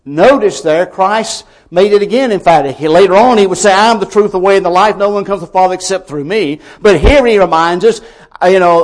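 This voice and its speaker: A man preaching a sermon, emphatic, with swings from quiet lines to loud ones. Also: high voice, a little fast.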